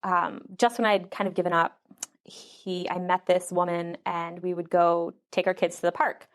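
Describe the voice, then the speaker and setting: A woman's voice: fairly low pitch, little pitch movement, moderate pace, clear, resonant tone. A woman in her thirties, a guest in a casual interview, who talks chattily, laughs often and acts out what others said. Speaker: podcast guest.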